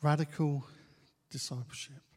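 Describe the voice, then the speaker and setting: A man's voice: on the high side, flat delivery, a little mellow. Man preaching in an echoing church. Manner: unhurried, with frequent "uh" pauses and repeated key phrases. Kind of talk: sermon. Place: church hall. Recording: long church-hall reverb.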